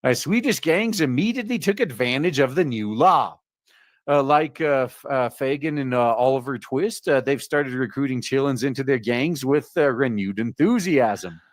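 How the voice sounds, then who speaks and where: A man hosts a casual commentary show, reading articles aloud with frequent "uh"s and dry sarcastic remarks. His voice sits at a middling pitch. The sound is dry and close, with no room echo. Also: animated, normal speed. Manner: reads aloud with many "uh" fillers and sarcastic asides. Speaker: host reading news stories.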